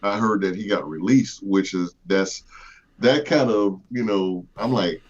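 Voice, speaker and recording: Low-voiced hesitant man, muffled line. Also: unhurried. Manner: hesitant, filler-heavy. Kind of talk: casual podcast chat. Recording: muffled remote line with faint hiss.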